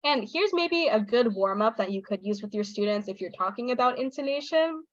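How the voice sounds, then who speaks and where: Young American woman, English teacher, lively online lesson, higher voice, dull dry audio. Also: fairly quick, dry recording. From United States. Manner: lively, demonstrates intonation with exaggerated pitch. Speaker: English teacher giving a webinar talk.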